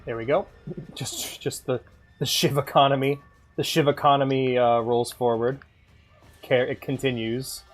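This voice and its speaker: A streamer giving casual, excited gameplay commentary, swearing and laughing often. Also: mid-range voice, measured pace, faint music behind. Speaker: game streamer.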